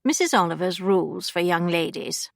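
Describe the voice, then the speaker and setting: Gravelly woman reading an audiobook. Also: on the low side, animated, normal speed, no room sound, clean studio sound. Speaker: audiobook narrator. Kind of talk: scripted narration.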